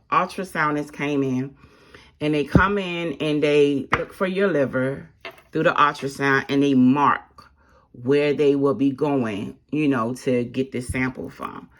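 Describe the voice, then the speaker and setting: A woman telling her own story in a candid, blunt, casual way, full of slang and exasperated asides. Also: sits low. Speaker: vlogger.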